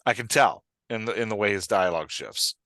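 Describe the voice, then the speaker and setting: A man hosting a podcast, coaching a writer in casual chat and reading dialogue lines aloud with lively shifts of tone. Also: lowish voice, brisk, no echo. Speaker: writing coach, podcast host.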